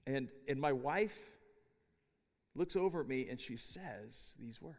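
A middle-aged man giving a chapel sermon, telling stories with an animated, humorous delivery. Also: mid-range voice, unhurried, big-room sound. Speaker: chapel speaker. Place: university chapel.

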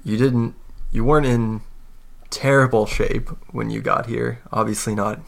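A calm, kindly old Knoll matron, voiced by a man in a tabletop game. She speaks gently and plainly, in a low, gravelly tone. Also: a little slow. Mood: gentle. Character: kindly older female Knoll, calm and well-kept.

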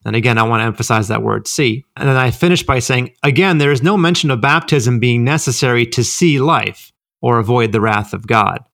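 A man co-hosting a ministry podcast, explaining Bible passages in a relaxed way with lots of fillers. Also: medium pitch, a little fast, vocal fry, no room sound, studio quality. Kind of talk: conversational Bible teaching.

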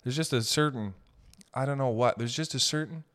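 A man's voice: medium pitch, brisk, fairly bright tone. A man hosting a solo podcast, riffing in a rambling, profane comedic monologue. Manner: rambling, profane, tangent-hopping. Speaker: podcast host.

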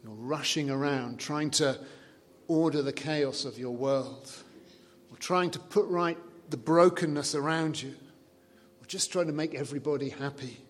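Guy preaching, kinda high voice, chatty sermon, big echoey church hall. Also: moderate pace. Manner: conversational, drops soft and low for scripture quotes. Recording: long reverb of a large hall.

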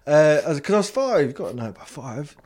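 Chatty young man, higher pitched. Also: sing-song, fast talker, darkish tone. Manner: acts out voices in his stories, laughs often. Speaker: podcast co-host. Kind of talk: casual chat, telling a ghost story.

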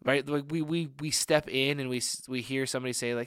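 A man's voice: mid-range voice, steady tone, fairly quick, a bit bright, smooth, no echo, studio quality. A young adult man preaching a conversational sermon as a young adults pastor, earnest and full of rhetorical questions, often saying "like". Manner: frequent filler "like".

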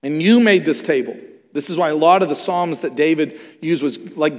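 A man preaching a sermon with animated delivery, moving between loud emphatic passages and hushed ones. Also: on the high side, moderate pace. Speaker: pastor. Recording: long reverb of a large hall.

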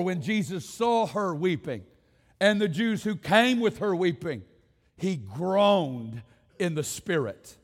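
A man's voice: high-pitched, in a large hall. A man preaching a sermon to a congregation in a church, building passionate, repetitive rhetorical runs and calling on the room to respond. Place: church sanctuary.

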